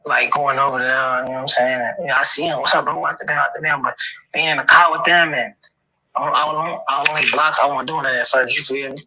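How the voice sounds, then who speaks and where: A man's voice: mid-range voice, steady tone, a little fast, bright, forceful tone, slight background noise, poor audio. A man being interviewed, talking in a laid-back, rambling way with constant slang fillers. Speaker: interview guest. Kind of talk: casual street interview.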